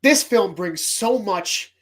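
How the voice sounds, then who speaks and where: A man hosting a relaxed movie podcast, talking through films with loud, profane enthusiasm. He acts out scenes as he goes and sometimes sounds choked up. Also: high voice, takes it slowly. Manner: emotional, choked up at times. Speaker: podcast host. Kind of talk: casual movie podcast talk.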